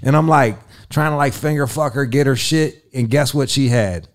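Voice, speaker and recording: A man telling a story in casual podcast chat, rambling and swearing constantly, animated and comic, full of fillers. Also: mid-range voice, moderate pace. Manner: profane, rambling, lots of fillers.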